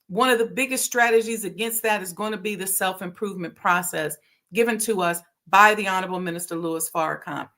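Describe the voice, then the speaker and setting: This history talk show is hosted by a middle-aged woman who works as a historic preservation consultant and runs a channel. Her lowish voice has a bit of brightness, and her teaching style is conversational and preachy, full of slang and frequent laughter.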